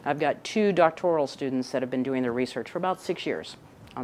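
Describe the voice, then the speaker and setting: A woman's voice: extremely low pitch, brisk, darkish tone, a little hiss or hum. A middle-aged woman scientist giving a casual, chatty talk to young people indoors, often checking in with "right?". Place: indoor room with a couch.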